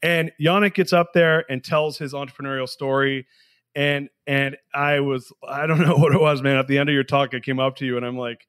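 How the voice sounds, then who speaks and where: A male podcast host with a mid-range voice who talks in an excited, slangy rush. The sound is dry and close, with no room echo. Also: medium pitch, fairly quick, clean tone. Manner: enthusiastic, hyped, slangy. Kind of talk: casual interview chat.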